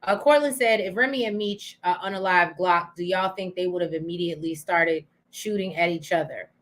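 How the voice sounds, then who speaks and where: A woman's voice: on the low side, moderate pace, a bit bright. Chatty woman co-hosting a recap show. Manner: chatty, thinks aloud with many "um"s. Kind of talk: casual recap chat.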